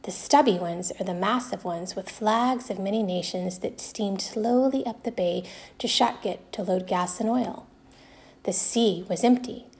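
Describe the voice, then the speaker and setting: A woman reads a first-person novel chapter aloud for a class. Her telling is steady and even, slipping briefly into the voices of the characters. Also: medium pitch, a little slow, gravelly. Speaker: reader.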